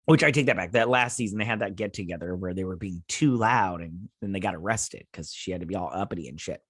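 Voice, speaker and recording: A man's voice: low voice, fast, husky, dry recording, studio quality. A man hosting a casual episode review, talking in a sarcastic, mocking way and acting out the characters' lines in silly voices. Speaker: show host reviewing a TV episode.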